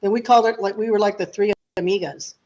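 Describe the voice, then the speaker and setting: A woman's voice: medium pitch, fast talker, dull audio. Chatty woman singer, laughing storyteller. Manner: lively, chatty storyteller who laughs often. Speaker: singer guest. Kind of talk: casual interview chat.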